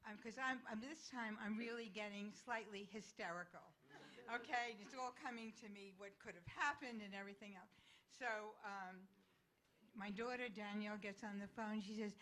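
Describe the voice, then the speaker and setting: An older woman telling a lively story as a guest on a panel. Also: mid-range voice, normal speed, poor audio.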